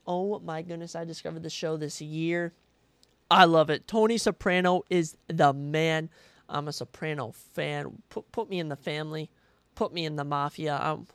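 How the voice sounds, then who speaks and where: A man's voice: on the high side, gravelly, dry recording. A young man hosting a solo podcast, chatting casually with an enthusiastic, rambling manner that often stops to correct himself. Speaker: podcast host.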